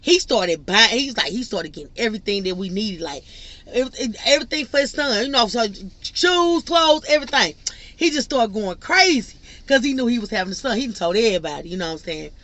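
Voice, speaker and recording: A young woman vlogger telling a personal story in an animated, laughing, casual way. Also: fairly high pitch, fairly quick. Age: young adult. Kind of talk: storytime vlog.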